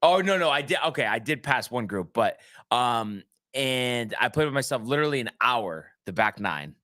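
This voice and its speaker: A man on a casual podcast, rambling through a story with lots of restarts and little acted-out quotes. His voice is bright and forward, sitting at a middle pitch. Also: lively intonation, moderate pace. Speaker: podcast co-host. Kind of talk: casual chat.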